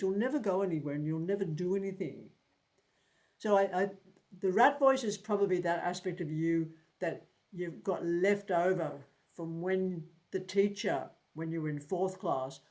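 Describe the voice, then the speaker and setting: A man's voice: a little high, darkish tone. A man in his seventies teaching a tarot group in a casual, blunt way, swearing freely and repeating words while he thinks. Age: 70s.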